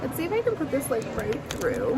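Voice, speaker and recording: A young woman vlogging her day on a phone camera, chatty and giggly, sometimes squeaking out quotes. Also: wildly swooping pitch, brisk. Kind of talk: casual day-in-the-life vlog chat. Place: home and out on errands. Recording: noisy handheld phone recording.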